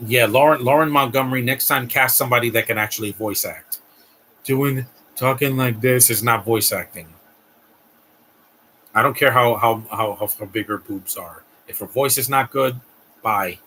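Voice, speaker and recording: A man's voice: mid-range voice, normal speed, sharp tone, a little hiss or hum, rough recording. A man hosting a live stream, giving a blunt, ranting movie reaction commentary with frequent restarts.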